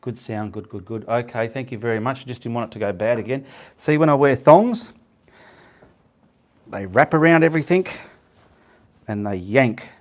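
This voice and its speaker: Pausing often at a moderate pace, a middle-aged Australian man with a mid-range voice hosts a live painting stream. He chats casually and rambles while reading viewer comments, checking in with "okay" again and again.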